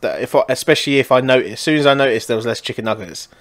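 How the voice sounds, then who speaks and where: A man's voice: medium pitch, racing. Man, podcast co-host, casual chat, swears a lot, rambles, um-filled.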